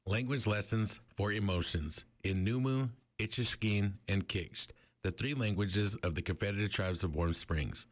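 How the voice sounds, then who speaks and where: Deep-voiced male lesson narrator. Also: normal speed, few pauses. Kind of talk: scripted narration.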